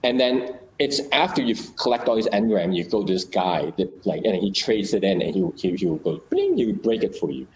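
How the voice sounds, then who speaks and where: Very animated and fairly quick, with few pauses, a man with a fairly low, slightly mellow voice casually explains ideas by playing out little scenes. Fillers and restarted sentences run through his talk, which comes through a low-quality recording with faint background noise.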